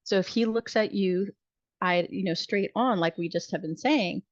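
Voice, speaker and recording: A woman's voice: medium pitch, moderate pace, dry recording. Woman lecturing over lo-fi call audio. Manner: conversational, acts out sample dialogues. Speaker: nursing instructor. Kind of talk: recorded video-call lecture. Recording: dull lo-fi video call audio.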